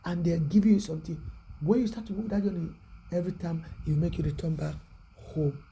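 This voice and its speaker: A preacher giving a prayerful, repetitive exhortation, often dropping to a hushed voice. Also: mid-range voice, brisk, gravelly, slight background noise, rough recording.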